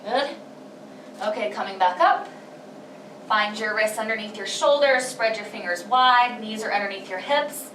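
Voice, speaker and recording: At a medium pitch and moderate pace, a woman instructs a pilates session at home, her tone fairly bright and her breathing a little labored as she encourages and counts reps and breaths. There's slight hiss or hum, echo from the room, and the mic sits at a distance.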